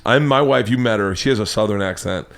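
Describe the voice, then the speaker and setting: A man hosting a podcast, chatting casually in an excitable, crude and eager way. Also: fairly low pitch, fast talker, gravelly. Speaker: podcast host. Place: podcast studio.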